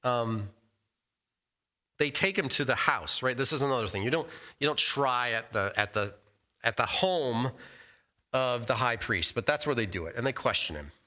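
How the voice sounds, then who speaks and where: A man's voice: mid-range voice, lively intonation, moderate pace, pushed and bright. A man teaching a casual Bible study in a church room, explaining scripture conversationally and quizzing the group.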